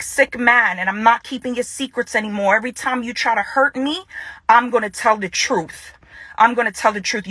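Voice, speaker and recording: A young woman with a fairly high, husky voice that sounds pushed and bright angrily confronts someone in an unscripted, direct-to-camera video statement, recorded with no echo. As a vlogger making a public statement, she repeats lines for emphasis.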